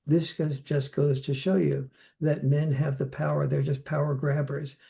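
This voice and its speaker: A man's voice: a little high, flat delivery, moderate pace, gravelly, warm tone. An older man speaking reflectively as a podcast guest, now and then acting out the voices he quotes. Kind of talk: conversational interview.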